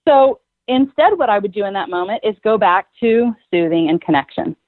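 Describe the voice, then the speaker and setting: A woman's voice: mid-range voice, normal speed, dry recording. A woman psychotherapist, a podcast guest, telling stories earnestly and acting out the people in them. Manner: earnest, animated storyteller who acts out quoted people. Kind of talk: conversational podcast interview. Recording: tinny phone-like line, dry.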